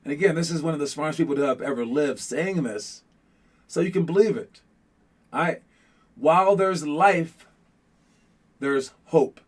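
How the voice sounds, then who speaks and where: A man's voice: a little high, fairly quick, a little mellow, breathy edge. Rambling casual young-sounding male host. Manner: rambling, many restarts and fillers, addresses the audience as guys. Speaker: basketball show host. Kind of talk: casual chat to viewers.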